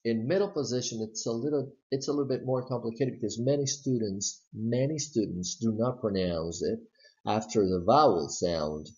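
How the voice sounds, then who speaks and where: A man with a Southern US accent teaching English pronunciation, modeling words slowly and repeating them. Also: mid-range voice, a little mellow. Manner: slow, modeling words with exaggerated repetition. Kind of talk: slide-based pronunciation lesson. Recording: dull lo-fi recording.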